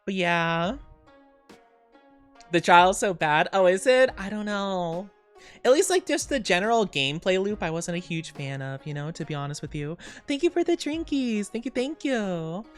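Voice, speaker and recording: A man's voice: high-pitched, big pitch swings, moderate pace, fairly bright tone, clean tone, soft background music. A young man streaming, chatting casually in a bubbly, rambling way, reading chat aloud and giggling often.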